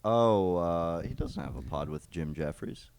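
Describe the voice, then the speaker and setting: A young man on a comedy podcast who drops quick deadpan quips and crude jokes. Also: sits low, clear, resonant tone, no room sound. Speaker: podcast co-host. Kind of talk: casual comedy podcast chat.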